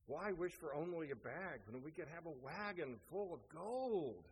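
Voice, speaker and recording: A man voicing a greedy peasant wife who keeps raising her demands, his voice pushed high. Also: animated, moderate pace. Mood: demanding. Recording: echoey hall, faint noise.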